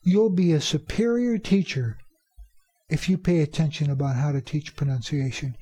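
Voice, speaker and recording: Man, podcast pronunciation lesson, fairly high voice, mellow and husky. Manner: slow, emphatic model sentences; plain, encouraging talk to listeners. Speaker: teacher trainer.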